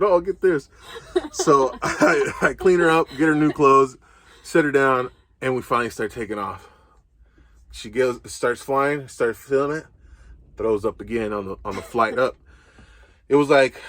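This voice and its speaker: A young man casually telling a story, animated, laughing, and swearing freely as he goes. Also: mid-range voice, moderate pace. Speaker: co-host.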